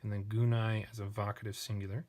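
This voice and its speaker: Low-voiced man teaching, thinking aloud. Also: level tone, quick pace, darkish tone. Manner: patient, methodical, thinking aloud with ums and restarts. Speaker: language teacher; channel host. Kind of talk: screen-share lesson comparing texts.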